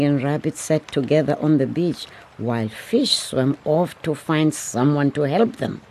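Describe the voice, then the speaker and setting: Low, slow woman storyteller. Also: warm tone, husky. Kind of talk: children's storybook narration.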